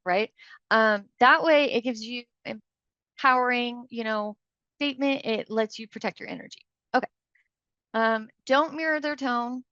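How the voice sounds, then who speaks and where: A woman with a fairly high voice talks listeners through how to handle phone calls. She keeps it casual and instructional, tossing in quick asides and acting out little exchanges. The sound is dry and a bit dull, with no room around it. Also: a bit bright, no room sound. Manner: chatty, checks in with "right?" and "like"; acts out short phone exchanges in quoted voices. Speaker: real estate coach and podcast host. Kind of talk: live instructional talk.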